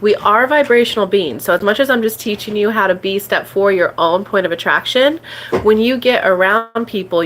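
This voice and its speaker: A woman's voice: mid-range voice, a bit bright. A woman hosting a spiritual coaching live stream, chatting casually and filling her talk with "like" and "um". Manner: chatty, peppered with "like" and "um", reads viewer comments aloud.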